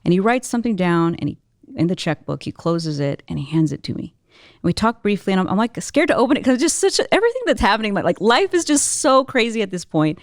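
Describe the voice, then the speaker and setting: A woman guest in an interview, telling a personal story in an animated, expressive way, full of casual "like"s. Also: medium pitch, quick pace, no echo, studio quality. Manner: animated, expressive, many filler "like"s.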